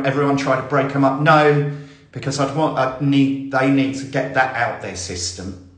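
A man's voice: medium pitch, a bit bright, reverberant, lightly acted. A man playing a rambling, giggly old lady. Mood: flirty. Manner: rambling, muddling proverbs, giggly and coy. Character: lonely, deluded older woman smitten with post office staff. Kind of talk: improvised comic character monologue. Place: indoor room on a live stream.

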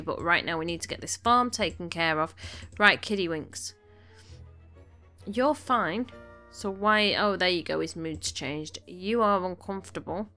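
A woman's voice: fairly low pitch, unhurried, bright, forceful tone, soft background music. A woman giving casual gameplay commentary, chatting along and bossing her game characters around, a little snuffly from allergies. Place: home room.

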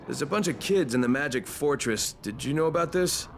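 A man's voice: a little high, lively intonation, fairly quick, creaky, a little hiss or hum. An actor voicing a tough adult male survivor in a game, speaking tersely and matter-of-factly. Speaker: game character.

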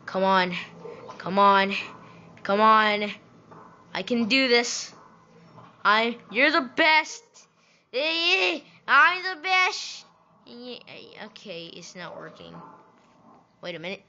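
A woman gaming and talking to herself, excitable and breaking into loud outbursts, recorded with dull, lo-fi audio. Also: fairly high pitch, slow pace, pauses often. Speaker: gamer. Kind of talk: let's play commentary.

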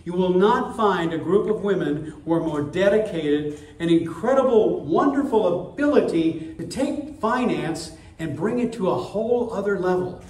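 Enthusiastic man giving a lively keynote. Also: high-pitched, normal speed, few pauses, slightly rough. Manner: dynamic, enthusiastic, with playful quoted voices. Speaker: motivational keynote speaker. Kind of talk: motivational storytelling speech.

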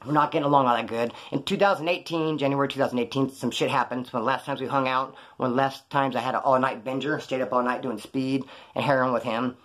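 A man's voice: mid-range voice, steady tone, fast talker, hardly any pauses, a bit bright. A man telling his own prison and street stories in a slangy, profane way, acting out the people he quotes. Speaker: former inmate telling his story. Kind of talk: casual storytelling.

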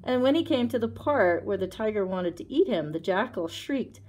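A librarian reading a picture book aloud for children, with chatty asides about the pictures. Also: female voice, mid-range voice, lively intonation, moderate pace, slight background noise. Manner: chatty asides with soft laughs. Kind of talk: storytime read-aloud.

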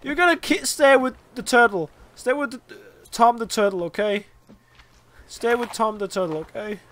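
A young man doing co-op game commentary, whiny and playfully frightened, often shouting. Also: very high voice, moderate pace, no echo. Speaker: gamer.

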